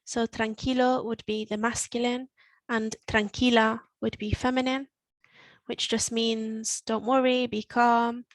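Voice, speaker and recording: A woman teaching Spanish to learners, repeating phrases slowly and explaining them step by step. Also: on the high side, flat delivery, no echo, low-quality recording. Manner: slow, careful modelling of Spanish phrases. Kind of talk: recorded language lesson.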